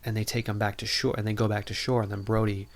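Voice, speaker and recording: Rambling man with a gravelly low voice. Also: flat delivery, fast, slight background noise. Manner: rambling, heavy use of filler words. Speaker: podcast host. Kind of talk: casual movie plot recap. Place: room at home.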